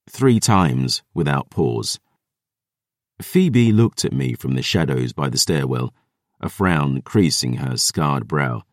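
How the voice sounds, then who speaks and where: A man narrating an audiobook in the first person, with a gruff, sardonic, measured delivery. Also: extremely low pitch, no echo, clean studio sound.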